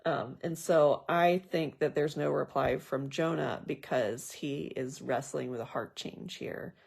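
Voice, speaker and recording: A woman's voice: low voice, unhurried, vocal fry, a little mellow, slightly rough. A woman leading a casual Bible study. She reads scripture aloud and then talks through it in a thoughtful, conversational way with personal asides. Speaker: Bible journaling teacher.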